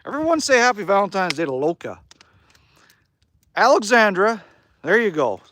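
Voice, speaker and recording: A Canadian man with a fairly high voice that swings widely in pitch, chatting casually on a livestream. He rambles and swears lightly as he talks to viewers from outdoors beside a fire. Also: big pitch swings, normal speed, fairly bright tone, a little hiss or hum. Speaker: livestream host. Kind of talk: casual live-stream chat reading viewer comments.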